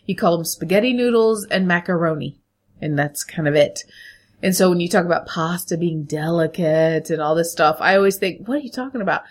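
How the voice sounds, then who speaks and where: A woman co-hosting a podcast, chatty and animated, laughing often in casual chat. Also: lowish voice, moderate pace. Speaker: podcast co-host.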